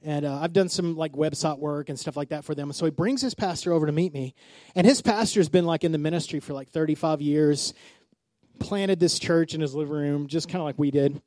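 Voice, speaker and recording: In a lively, storytelling sermon, a male pastor of about forty acts out the voices of people in his anecdotes and calls for the congregation to respond. His voice is high for a man and his pace fairly quick. The recording is dry, with almost no room echo.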